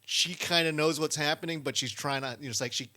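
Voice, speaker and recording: Bright-voiced man rambling through a film recap. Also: fairly high pitch. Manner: halting, many restarts and fillers. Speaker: podcast co-host. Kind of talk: casual chat reviewing films.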